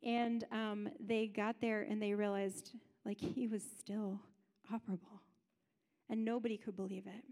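A woman's voice: medium pitch, level tone, normal speed, few pauses, darkish tone, big-room sound. A woman telling a personal story in a sermon, in a conversational way, acting out what other people said. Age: adult parent.

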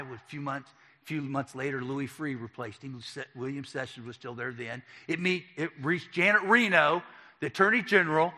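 Animated man telling a story in a hall. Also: a little high. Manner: animated storyteller acting out dialogue. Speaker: speaker telling his life story. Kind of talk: personal testimony talk. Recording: long hall reverb.

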